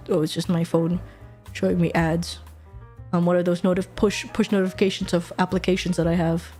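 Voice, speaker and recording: A young woman streamer in casual chat, animated, swearing freely and laughing often. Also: on the low side, fairly quick, soft background music.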